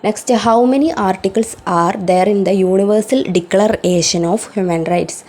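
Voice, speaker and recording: A woman's voice: mid-range voice, normal speed, a little mellow, low-quality recording. A woman reading out exam questions, repeating each one before giving the answer. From India. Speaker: student tutor.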